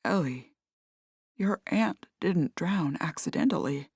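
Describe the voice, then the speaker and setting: A woman voicing a gentle, somewhat hesitant man breaking bad news in an audiobook. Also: fairly low pitch, animated, slow, breathy edge, no echo, clean studio sound, heavily acted.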